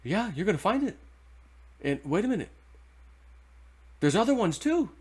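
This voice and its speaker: A man putting on the voice of an excited male spiritual advisor who keeps repeating encouraging reassurances. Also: high voice, moderate pace, breathy edge, pitched above the performer's own voice, heavily acted.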